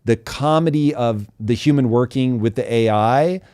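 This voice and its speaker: A man's voice: medium pitch, moderate pace, mellow, clear, resonant tone, no echo, clean studio sound. A man hosting a live talk show, chatting casually and animatedly, swearing freely and stretching out words for emphasis. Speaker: show host.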